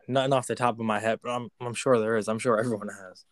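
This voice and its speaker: A man's voice: on the low side, steady tone, a little fast. Laid-back man reacting in chat. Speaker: podcast co-host. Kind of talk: casual chat.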